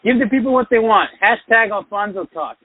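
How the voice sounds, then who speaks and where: A man's voice: high-pitched, animated, brisk, husky, dry recording. A male caller, sarcastic and needling, mocking the host. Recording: tinny phone line.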